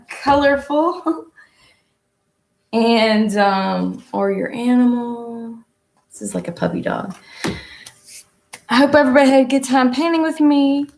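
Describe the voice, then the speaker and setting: A young woman hosts a relaxed painting lesson over a laptop stream, rambling and talking half to herself as she works. Her voice sits a touch high with a gravelly fry. She speaks at an unhurried, slow pace. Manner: chatty, rambling, self-talking while painting. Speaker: painting class host. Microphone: laptop mic.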